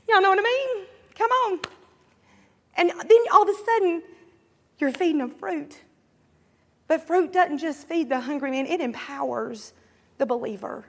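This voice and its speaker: High-voiced woman preaching a sermon. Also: animated, moderate pace, long pauses, long reverb tail. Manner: emphatic call-and-response, quoting imagined prayers and voices.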